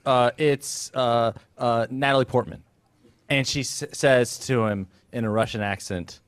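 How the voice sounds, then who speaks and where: A man improvising a movie pitch, hesitant and stumbling. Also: fairly even intonation, measured pace, clear, resonant tone, dry recording. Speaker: improv player.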